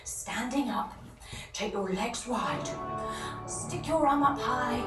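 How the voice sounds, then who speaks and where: A woman leads children through a yoga story, playful and full of chants. Her voice sits high and swoops about with lots of movement. The recording is echoey and distant, with steady noise in the background. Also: slow pace, long pauses, over loud music. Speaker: day camp leader.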